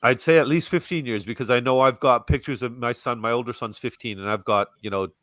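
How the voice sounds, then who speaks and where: A man's voice: medium pitch, a bit bright, no echo, clean studio sound. A middle-aged man from Canada, chatting earnestly and rambling a bit as co-host of a fan show over a video call. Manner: earnest, rambling, quick to laugh. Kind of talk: casual fan-show chat. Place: home near Toronto. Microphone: video call mic.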